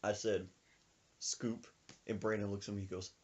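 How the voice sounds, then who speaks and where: A man's voice: fairly low pitch, level tone, fast, a little mellow, muffled recording. A young man, hosting a podcast and telling a funny story with lots of acted voices. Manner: acts out quotes, laughs often. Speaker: podcast host. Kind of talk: animated storytelling.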